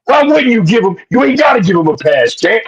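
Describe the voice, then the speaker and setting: A man co-hosting a boxing podcast, loud and preachy, full of slang, sometimes shouting. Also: sits high, very animated, fairly quick, breathy edge, rough recording. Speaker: podcast co-host. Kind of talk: animated boxing talk.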